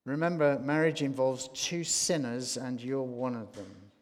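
Male preacher, measured sermon delivery, very slow, long hall reverb. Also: mid-range voice, fairly even intonation. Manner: slow, deliberate preaching with emphatic rises.

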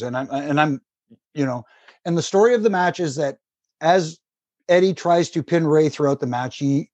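Former referee, male, husky, dry close sound, rambling anecdotal delivery. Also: a little high, warm tone, dry recording. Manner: rambling anecdotes with restarts and laughter. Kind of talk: casual storytelling.

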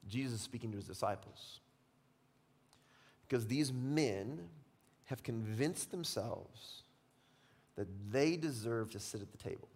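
A man preaching a sermon as pastor, swinging from hushed, intimate questions to loud, impassioned exclamations. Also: mid-range voice. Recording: long reverb of a large hall.

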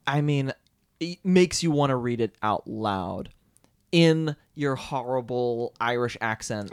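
A man's voice: mid-range voice, slow pace, clean tone, no echo, studio quality. A man co-hosting a podcast, recommending books in a casual, enthusiastic and rambling way. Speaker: podcast co-host. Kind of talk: casual chat, book recommendation.

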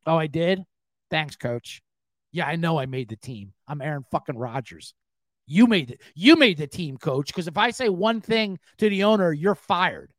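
A man voicing an arrogant star quarterback who swears and brushes off his coach, in a lower voice than his own. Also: animated, moderate pace, no room sound, clean studio sound, lightly acted. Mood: smug. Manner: smug, dismissive, swearing.

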